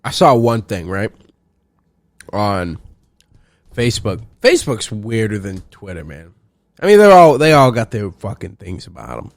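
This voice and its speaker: A young man hosting a solo comedy podcast, rambling and swearing in a loose, animated way. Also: lowish voice, measured pace, long pauses, dry recording, clean studio sound. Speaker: podcast host.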